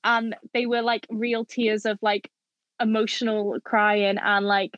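A woman co-hosting a casual chat, talking quickly and emphatically with lots of "like". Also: mid-range voice, flat delivery, fairly bright tone, no room sound, lo-fi sound. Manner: quick, emphatic, says "literally" and "like" often. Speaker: podcast co-host.

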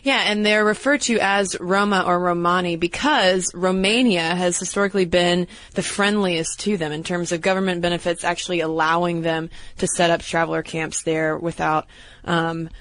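A woman's voice: lowish voice, fairly even intonation, normal speed, a bit bright, dry recording, low-quality recording. Chatty woman podcast co-host, dry mic. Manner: chatty, explanatory, unsure of some pronunciations. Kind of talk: casual conversational podcast.

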